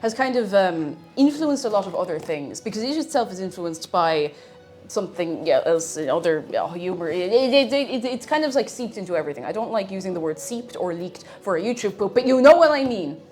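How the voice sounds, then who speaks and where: A woman's voice: medium pitch, lively intonation, a little fast, darkish tone, soft background music. A woman streaming live, chatting casually with viewers in a playful, giggly way, humming to herself now and then. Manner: chatty and playful, laughs often, hums to herself.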